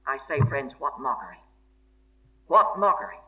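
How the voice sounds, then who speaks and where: A man's voice: medium pitch, very animated, moderate pace. A man preaching a sermon in an earnest, emphatic way, repeating key phrases for stress. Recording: dull lo-fi sermon recording.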